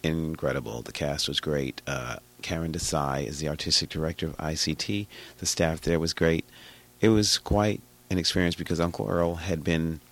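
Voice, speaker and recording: A man hosting a radio show in a chatty, rambling way, with a husky, raspy voice that is hoarse from a cold. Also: rumbling low, steady tone, normal speed. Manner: chatty, rambling, sudden bursts of loudness. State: hoarse, getting over a cold. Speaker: radio host and DJ. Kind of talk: casual radio chat.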